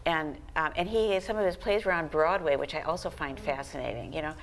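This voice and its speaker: Low gravelly-voiced woman telling history. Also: a little fast, a little hiss or hum, low-quality recording. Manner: relaxed storyteller, many fillers. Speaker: author, panel guest. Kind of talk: conversational panel talk. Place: art gallery talk.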